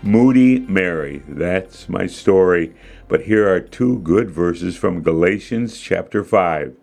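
A man narrating a children's devotional story in an unhurried, gentle voice. His tone sits low with a gravelly creak, and he keeps a steady, measured storytelling manner. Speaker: host and narrator.

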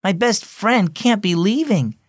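Man doing a heartbroken young boy, pleading, pitched up for storybook radio. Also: lively intonation, measured pace, no room sound, clean studio sound. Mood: plaintive. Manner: plaintive, pleading. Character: upset boy losing his best friend.

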